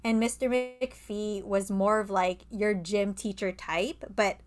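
A woman's voice: medium pitch, steady tone, slow. Chatty woman podcast co-host, filler-heavy. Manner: chatty, swears, lots of "like" fillers. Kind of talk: casual chat.

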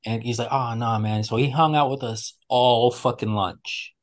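Animated, swearing storyteller man. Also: mid-range voice, moderate pace. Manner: animated storyteller, heavy swearing, acts out friends' lines. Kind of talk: casual chat.

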